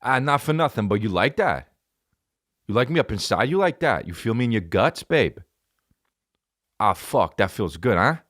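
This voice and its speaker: A man's voice: mid-range voice, very animated, moderate pace, long pauses, a bit bright, dry recording, clean studio sound. A man putting on a New Jersey accent as a crude, swaggering lover. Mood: boastful. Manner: crude, coaxing bedroom talk.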